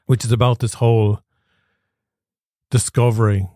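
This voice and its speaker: A man hosting a podcast, chatting easily and asking relaxed questions. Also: lowish voice, normal speed, no room sound, studio quality. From Ireland. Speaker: podcast host. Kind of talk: casual chat.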